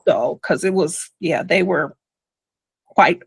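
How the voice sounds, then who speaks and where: Her lowish voice carries vocal fry and a breathy edge as this older woman, an interview guest, reflects slowly on her personal story. She whispers quoted words, and the audio is dry and poor.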